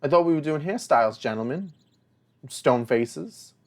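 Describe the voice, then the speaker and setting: A young let's play host gives casual gameplay commentary, telling meandering stories and chatting to the characters on screen. His voice is on the high side and expressive, at a normal speed.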